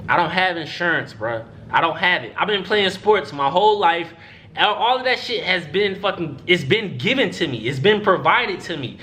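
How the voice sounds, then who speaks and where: A man's voice: sits high, normal speed, slight background noise. A young man telling a story in a casual, profane way, acting out what other people said. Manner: animated, profane, acts out other people's lines.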